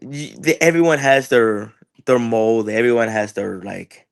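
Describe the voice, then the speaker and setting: A man in his thirties, a wrestler guest, telling stories in an animated way and acting out what people said to him. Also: medium pitch, measured pace, creaky. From Chicago area. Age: 30s. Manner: animated storyteller, acts out quotes, repeats words. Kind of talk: casual interview talk.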